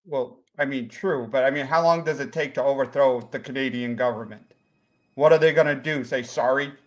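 A man voicing a clueless, crude visitor from Jacksonville with a put-on Jacksonville drawl and a halting, naive delivery. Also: mid-range voice, close to an everyday voice. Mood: naive, earnest. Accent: put-on Jacksonville, Florida.

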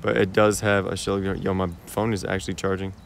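A man's voice: sits low, flat delivery, a little fast, gravelly, a little hiss or hum. A young American man livestreaming outdoors as he walks, chatting to viewers in a laid-back, slangy way and laughing often, recorded on a phone. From United States. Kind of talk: casual live-stream chat. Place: outdoors in a park-like cemetery.

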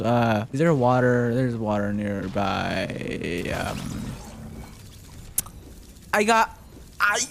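A man's voice: medium pitch, expressive, takes it slowly, gravelly, noisy background. A young man giving frantic, jokey commentary while playing a game, repeating himself and yelping when he gets startled. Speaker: gaming commentator. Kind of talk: casual gameplay commentary.

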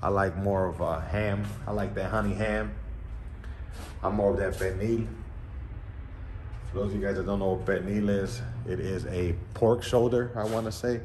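A man's voice: lowish voice, fairly even intonation, moderate pace, a little mellow, slight background noise. A man vlogging casually from his wheel shop, rambling and cursing with lots of fillers. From Puerto Rican heritage. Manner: laid-back, rambling, curses, many fillers like "you know". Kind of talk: casual vlog walkthrough.

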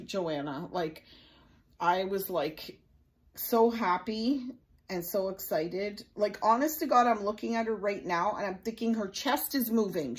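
A woman chatting excitedly as she unboxes a new doll, gushing and filling her talk with "like" and "oh my God". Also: mid-range voice. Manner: gushing, many "like" and "oh my God" fillers. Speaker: doll collector and vlogger. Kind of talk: excited casual unboxing chat.

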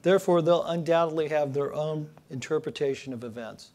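Man, public lecture, dry joke-teller, slightly high voice. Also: a little fast, darkish tone. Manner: dry storytelling, building to punchlines. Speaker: political cartoonist giving a lecture. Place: lecture hall before an audience.

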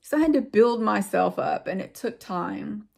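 Gravelly-voiced woman vlogger musing aloud. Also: medium pitch, animated, darkish tone. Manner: rambling and reflective, drifting into pauses; earnest, repeats words for emphasis. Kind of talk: casual heartfelt monologue to viewers.

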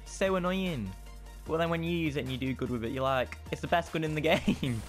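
A young man giving casual, excitable commentary over his own gameplay, swinging between frustrated outbursts and self-mocking asides. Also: fairly high pitch, brisk, faint music behind. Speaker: gaming channel host.

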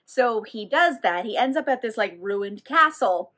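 A chatty woman with a slightly high voice retells a novel's plot in a loose, irreverent way. She swears casually and slips into quick voices for the characters. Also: animated, fairly bright tone. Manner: chatty, irreverent, swears freely, acts out quoted lines. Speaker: book reviewer. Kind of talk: casual book recap.

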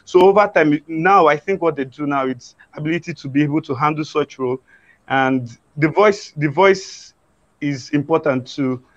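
A man, a guest singer answering interview questions haltingly, with many fillers and restarts. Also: fairly high pitch, highs cut off.

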